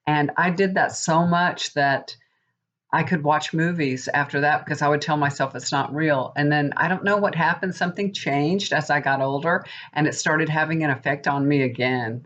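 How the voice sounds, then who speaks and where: A woman's voice: low voice, fairly even intonation, normal speed. A woman in her fifties, a tarot reader and psychic, rambling in casual chat to camera and getting worked up as she talks. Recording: dull lo-fi recording.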